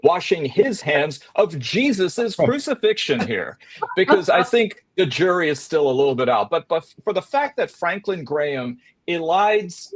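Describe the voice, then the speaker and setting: A man hosting a panel discussion on the week's news, halting with filler sounds and dropping sardonic asides. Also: fairly high pitch, very animated, husky, dry recording. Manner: halting, many filler sounds between phrases. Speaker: host.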